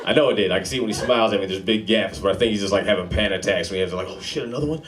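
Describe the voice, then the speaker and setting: A man in his thirties doing a stand-up comedy set in a club, with a laid-back, slangy delivery and deadpan dark jokes. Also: low voice, racing. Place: comedy club with a live audience. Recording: heavy noise behind a live club set.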